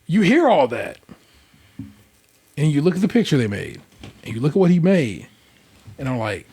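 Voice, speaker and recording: A man's voice: fairly high pitch, very animated, normal speed, long pauses, warm tone, breathy edge. A man hosting a casual podcast, recapping in a rambling, conversational way with lots of fillers. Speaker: podcast host. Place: indoor room, recorded in person.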